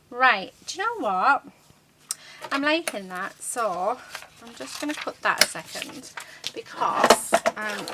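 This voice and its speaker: A chatty woman talks her viewers through a craft project at a mid pitch, rambling warmly with plenty of ums. Her voice sits on a noisy track with clicks of tools and paper around it. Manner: chatty, rambling, many fillers. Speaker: crafting channel host.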